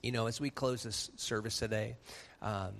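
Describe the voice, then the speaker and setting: A man preaching a sermon as pastor, telling a story with animated swings from soft to loud. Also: fairly low pitch, moderate pace, creaky.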